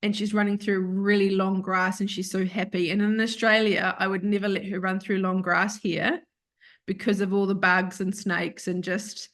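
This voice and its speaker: A woman guest telling an emotional personal story, animated, acting out what she and others said and dropping to a soft hush at tender moments. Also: medium pitch, normal speed. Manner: animated, quotes herself and others in lively voices. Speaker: podcast guest.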